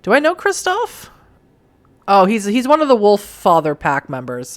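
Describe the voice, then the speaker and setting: A woman's voice: mid-range voice, huge pitch swings, normal speed. A woman hosting a let's play at home, reading the game aloud and throwing in sarcastic, laughing asides. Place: home next to train tracks.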